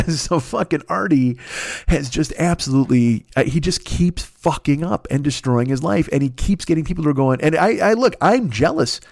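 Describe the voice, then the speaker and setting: A man's voice: creaky, a little mellow, dry recording. Profanity-heavy ranting man, dry sound. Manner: heavy swearing, ranting, incredulous; mocks others in a high whiny voice. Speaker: podcast host. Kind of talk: profane comedic rant.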